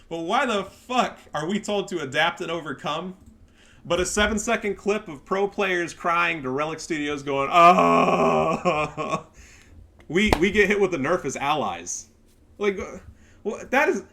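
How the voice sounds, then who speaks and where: A man's voice: high voice, lively intonation, moderate pace. Profane, sarcastic ranting gamer man. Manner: profane, sarcastic, swings into shouting. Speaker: gaming video creator. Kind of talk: ranting game commentary.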